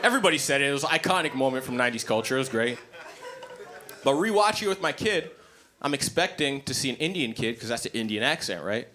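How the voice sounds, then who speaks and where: A man doing a stand-up comedy set in a club, blunt, profane and animated. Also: mid-range voice, quick pace. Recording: live comedy club, noisy ambience.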